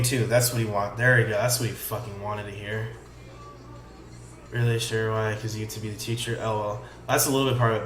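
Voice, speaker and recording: A man's voice: mid-range voice, fast. Sarcastic man reading aloud in an echoey room. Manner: sarcastic, swears, reads lines flatly. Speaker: streamer reading and commenting on a chat log. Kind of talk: casual commentary, reading aloud. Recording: echoey room with faint music.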